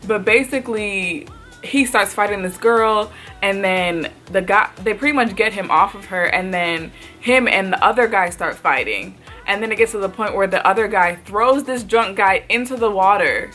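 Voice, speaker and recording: A woman vlogger telling a storytime, chatty and excitable, with lots of "like" and her voice jumping up at surprising moments. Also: mid-range voice, moderate pace, faint music behind. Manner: chatty, fills speech with "like"; excitable, voice jumps up when retelling surprise. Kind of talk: storytime recounting.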